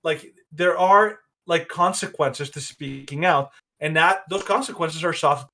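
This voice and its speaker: A male podcast co-host gives casual, opinionated commentary in a rather high voice. He talks emphatically, starting over and rephrasing often as he works through his point. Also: measured pace, bright, forceful tone. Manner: opinionated and emphatic, rambling with many restarts.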